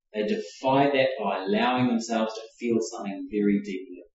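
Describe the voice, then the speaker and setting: A man's voice: on the low side, animated, normal speed, few pauses, darkish tone. A man preaching a sermon, reflective and conversational, often hedging with fillers as he teaches. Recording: very echoey, distant mic, dull lo-fi.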